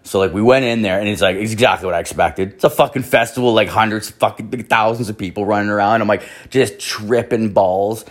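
A man's voice: fairly low pitch, fairly quick, hardly any pauses. A young man telling a long, profane, rambling anecdote, full of fillers and swearing. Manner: crude, filler-heavy, swears constantly. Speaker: storyteller.

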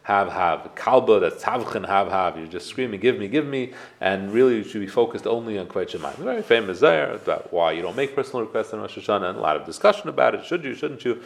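Deep, fast-talking rabbi. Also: male voice, expressive, gravelly. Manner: explains with rhetorical questions, quotes prayers. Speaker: rabbi giving a class. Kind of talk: casual Torah class.

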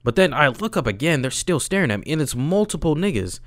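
Young man, casual storyteller, lively pitch, slangy, dry close sound. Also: fast, dry recording. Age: young adult. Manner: animated, slangy, swings between loud and low.

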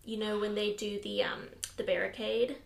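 A young woman co-hosting a podcast, chatty and quick to laugh. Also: mid-range voice, flat delivery, creaky, echoey room. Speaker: podcast co-host. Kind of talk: casual podcast chat.

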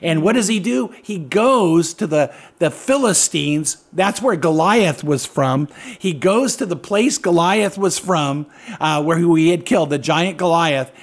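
A man's voice: fairly high pitch, expressive, measured pace. A middle-aged man, a pastor, retelling a Bible story in an earnest, conversational way and asking his co-host questions. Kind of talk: conversational preaching.

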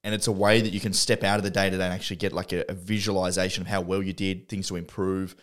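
A man's voice: sits low, level tone, fast talker, a bit bright. A man co-hosting a podcast in casual chat, swearing freely and talking in a laid-back way. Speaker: podcast co-host. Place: studio.

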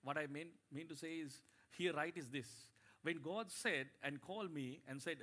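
A pastor delivering a lively sermon, calling out to his congregation and building his emphasis. His voice is high and very bright, with a sharp, ringing edge. He is speaking in a church. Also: moderate pace. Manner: animated preaching with rising emphasis and audience call-and-response.

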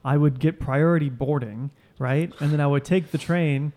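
A man co-hosting a casual chat, quick and bantering, often mock-indignant when interrupted. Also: a little high, fairly even intonation, mellow. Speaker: podcast co-host.

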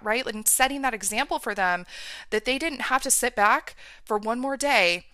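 Woman host, bright tense tone, emphatic and candid, close dry sound. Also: fairly high pitch, normal speed, dry recording. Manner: emphatic, candid, acts out remembered dialogue. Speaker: podcast host. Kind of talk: personal storytelling monologue.

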